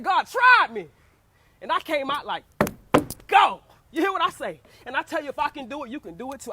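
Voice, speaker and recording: Young woman, high voice, fervent preaching testimony with call-and-response asides. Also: slight background noise. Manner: fervent, repeats phrases and calls "you hear what I say?" to listeners. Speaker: speaker giving a personal testimony.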